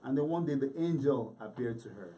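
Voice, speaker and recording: A man's voice: mid-range voice, fairly quick, distant mic. A man hosting a podcast, retelling an old story in a loose comic way, laughing and acting out the people in it. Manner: animated, acts out voices, laughs often. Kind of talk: casual comedic storytelling.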